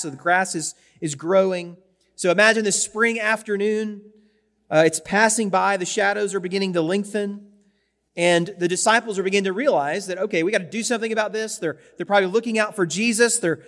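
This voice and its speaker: A man preaches with a high-pitched voice, talking like he is chatting with his congregation, repeating words as he goes. A long reverb trails each phrase, like a large sanctuary. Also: fairly bright tone. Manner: conversational, with repetitions and asides to the congregation. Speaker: pastor. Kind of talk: sermon.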